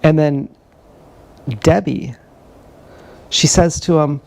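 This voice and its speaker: A man's voice: a little high, fairly even intonation, normal speed, creaky, darkish tone. A man in his thirties telling a rambling, profane, confessional story in a casual livestream monologue. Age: 30s. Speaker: streamer. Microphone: action camera.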